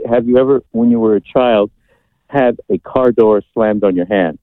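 A male caller phoning in to a radio show, earnest and brief. His voice sits low. He comes through a thin, tinny phone line. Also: moderate pace, dry recording.

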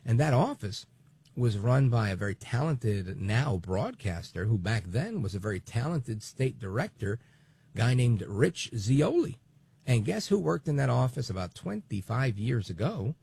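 A man in his late forties hosting a political talk radio show, chatty and digressive, with lively bursts of emphasis. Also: mid-range voice, a little slow, vocal fry, breathy edge, dry recording. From New Jersey, USA.

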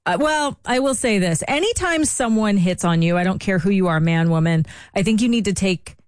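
A woman co-host on a morning radio show, chatting candidly in an amused, quick way. Her voice sits in the middle of the range, recorded close and dry on a studio microphone. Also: mid-range voice, expressive, no room sound. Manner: candid storyteller, brisk and amused. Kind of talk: casual radio banter.

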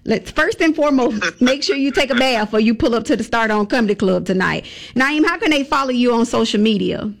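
Woman Southern radio host, gravelly voice. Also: fairly high pitch, a little fast, hardly any pauses. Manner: lively, playful and chatty. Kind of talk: casual radio interview.

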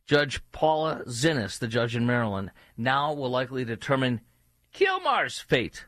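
A man's voice: mid-range voice, normal speed, fairly bright tone, no echo. A man guest-hosting a political talk radio show, speaking in a sarcastic, mocking way.

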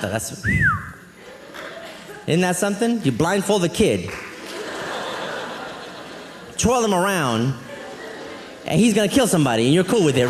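A man doing a stand-up comedy set on a club stage, telling family stories in an animated way and acting out relatives in quick voices. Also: sits high, noisy background. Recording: roomy live venue with reverb. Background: audience laughter.

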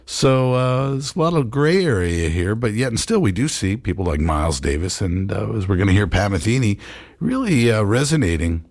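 A man's voice: fairly low pitch, big pitch swings, moderate pace, a little mellow, no room sound, studio quality. A man hosting a jazz radio show, musing in a loose, rambling way with plenty of fillers as he talks about records.

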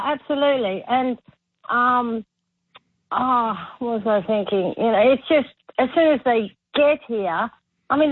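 Australian woman, friendly caller, higher voice, tinny phone line. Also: no room sound. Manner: friendly, laughing, chatty. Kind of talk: phone-in chat.

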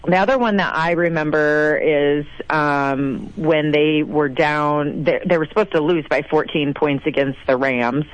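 A woman from South Dakota, a mayor, telling stories in a casual interview with animated, gushing energy. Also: measured pace, hardly any pauses, highs cut off. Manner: animated, gushing, acts out quotes in a higher voice.

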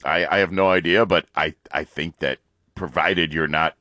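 Male co-host, very low voice, dry close mic, hesitant and stumbling. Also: normal speed, bright, forceful tone, dry recording. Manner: hesitant, stumbling over words. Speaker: radio co-host. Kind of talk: casual talk radio banter. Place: radio studio.

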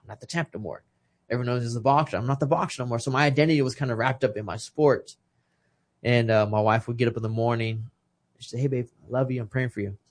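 A man's voice: mid-range voice, fairly even intonation, fast talker. A man in his thirties, a retired boxer from Texas, telling an emotional personal story in a casual interview, earnest and full of restarts.

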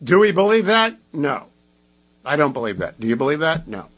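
Husky opinionated talk radio host. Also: male voice, a little high, sing-song, moderate pace, a bit bright, poor audio. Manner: emphatic, sarcastic, rhetorical questions.

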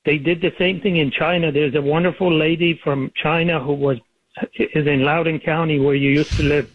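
A man calls in to talk radio over a tinny phone line, his voice dry and a bit high for a man. He argues earnestly and stops now and then with an "uh" to find his words. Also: steady tone, husky, dry recording. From Iran. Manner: earnest, argumentative, with frequent uh pauses. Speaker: caller.

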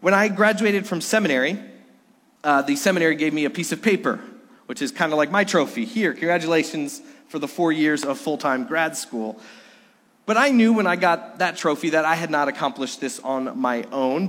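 A man's voice: on the high side, expressive, fairly quick, a bit bright, big-room sound. A man preaching a sermon, earnest and story-driven, asking his listeners questions as he goes. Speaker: pastor.

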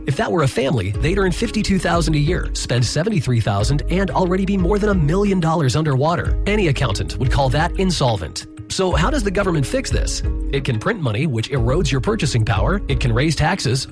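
A man reading a scripted radio ad in an urgent, persuasive way. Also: fairly high pitch. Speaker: ad announcer. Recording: music bed behind voice.

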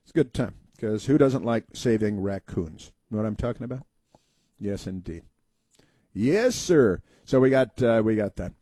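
A man's voice: fairly low pitch, expressive, dark tone, no room sound. Folksy male talk radio host, dry close sound. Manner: halting, many uh fillers and restarts; folksy storytelling, acting out quoted voices. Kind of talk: rambling talk radio monologue.

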